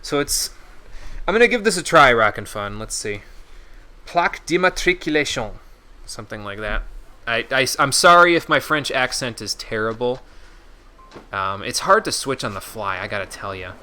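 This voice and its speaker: Bright-voiced male game streamer. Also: mid-range voice, animated, normal speed. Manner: reads game menus aloud, chatty asides to viewers. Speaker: gaming streamer. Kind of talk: casual let's-play commentary.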